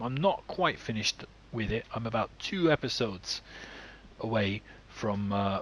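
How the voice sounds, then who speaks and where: A man's voice: mid-range voice, a bit bright. A man co-hosting a podcast in casual chat, speaking emphatically with sarcastic asides. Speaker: podcast co-host.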